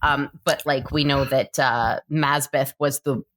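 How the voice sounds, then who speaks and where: A woman's voice: very deep voice, unhurried. A woman co-hosting a podcast, chatting casually and retelling a movie scene by scene, acting out the characters' lines. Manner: animated storyteller, acts out characters' lines. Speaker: podcast co-host. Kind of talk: casual chat recapping a movie.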